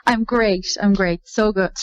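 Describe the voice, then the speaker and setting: Bubbly Irish woman caller with a smooth voice. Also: mid-range voice, steady tone. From Ireland. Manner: bubbly, friendly, talks fast. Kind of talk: phone-in chat. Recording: dull lo-fi line.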